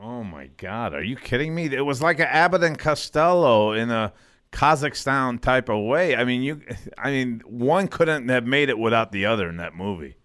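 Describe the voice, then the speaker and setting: Male podcast host, mid-pitched, easygoing interviewer, dry studio sound. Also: expressive, normal speed, a bit bright, smooth, no room sound. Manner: easygoing, reacts with laughs and exclamations. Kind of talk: casual interview chat.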